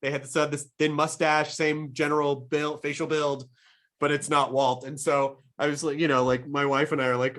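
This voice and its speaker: A man's voice: a little high, level tone, normal speed, a bit bright. A middle-aged man hosting a podcast, chatting eagerly and rambling through his thoughts with frequent restarts. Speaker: podcast host. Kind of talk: casual interview chat.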